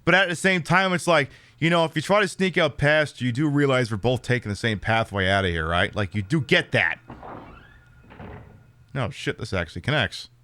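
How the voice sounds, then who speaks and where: A man's voice: medium pitch, animated, normal speed, pushed and bright, dry recording. A man streaming a horror game, giving casual let's-play commentary with sarcastic jokes, rambling asides and casual swearing.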